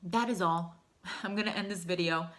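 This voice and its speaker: Bright-voiced woman telling a heartfelt story. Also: fairly low pitch, moderate pace. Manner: emotional, heartfelt, rambling with fillers. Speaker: vlogger sharing a personal caregiving story. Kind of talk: candid personal storytelling to camera.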